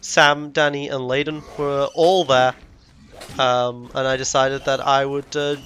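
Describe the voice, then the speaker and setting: A man's voice: medium pitch, level tone, a little slow, a bit bright, soft background music. A young man vlogging casually, rambling with frequent self-corrections and indignant asides. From Britain. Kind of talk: casual rambling travel vlog.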